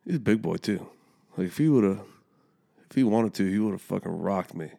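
This very low-voiced man, a young youth soccer coach, relaxes into a story for his listeners, cursing openly as his temper rises. His pace is normal and his tone gravelly.

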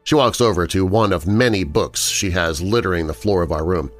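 A man narrating a first-person horror story in an expressive storytelling manner. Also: sits low, a little fast, soft background music.

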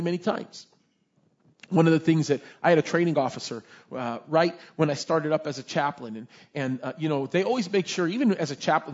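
A man preaching a sermon as a chaplain, telling stories in a lively way and shouting when he acts out scenes. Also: fairly high pitch, muffled recording. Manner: animated storytelling, shouting in re-enactments.

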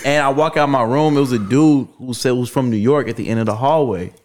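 A man hosting a casual group podcast, bantering loudly in slang and laughing often. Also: medium pitch, a little fast. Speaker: podcast host.

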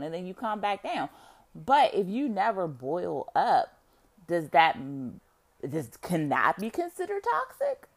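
A woman with a low-pitched voice that leaps around with lively, animated swings. She rambles through a casual monologue to her viewers, full of fillers and free swearing, dropping to a murmur and then rising to loud bursts. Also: normal speed. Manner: rambling, musing, swears freely, many fillers. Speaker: vlogger.

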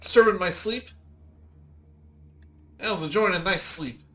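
A man voicing a small, grumpy, easily flustered dragon-like creature in a squeaky, whiny voice. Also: unhurried, a bit bright. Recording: low-quality home audio.

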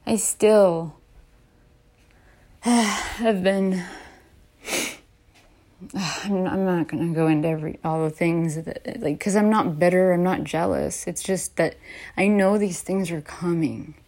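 A woman in her late thirties talking in a casual, heartfelt and rambling way as a vlogger, often laughing softly between restarts. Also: fairly low pitch, slow pace, long pauses. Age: late 30s. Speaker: vlogger and podcaster. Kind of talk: casual heartfelt personal talk.

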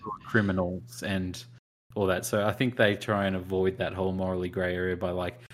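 A man's voice: deep voice, little pitch movement, fairly quick. A man co-hosting a podcast, rambling and thinking aloud in casual chat. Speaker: podcast co-host.

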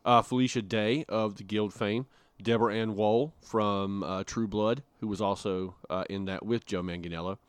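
A man with a fairly low voice co-hosts a podcast, chatting casually and cracking jokes. He talks loosely with plenty of filler words, and the recording is dry and close. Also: steady tone, moderate pace, clear, resonant tone, no echo. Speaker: podcast co-host.

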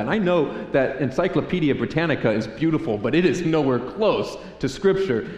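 A man's voice: fairly high pitch, lively intonation, fairly quick, few pauses, a little mellow. A man preaching a sermon to a congregation, joking and acting out prayers in a raised voice. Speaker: pastor. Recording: echoey hall, faint room ambience.

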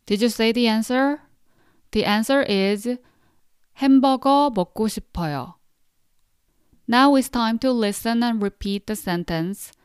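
A young adult woman teaching a podcast language lesson, patient and encouraging, pronouncing words slowly for listeners to repeat. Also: a little high, clear, resonant tone, dry recording, studio quality.

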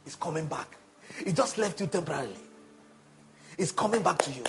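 A male preacher delivering a call-and-response sermon that builds to shouting. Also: a little high, expressive, fairly quick, pauses often, slight background noise.

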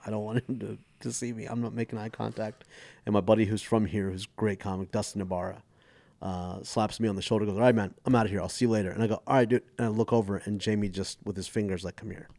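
On a recording with no echo, a fairly low-voiced American man in his forties tells stories as a guest comedian on a casual podcast. He's animated, acting out the voices of whoever he's quoting.

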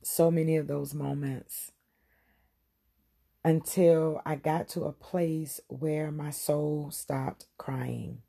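A woman's voice: extremely low pitch, creaky, warm tone, husky. A woman hosting a podcast and giving a heartfelt personal testimony, speaking straight to her listeners. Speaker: podcast host.

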